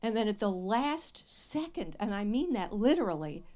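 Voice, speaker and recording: An older woman hosting a live advice show, telling stories and answering questions in a blunt, wry and lively way. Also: mid-range voice, moderate pace. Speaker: radio advice host. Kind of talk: live show talk with an audience. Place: radio studio with live audience.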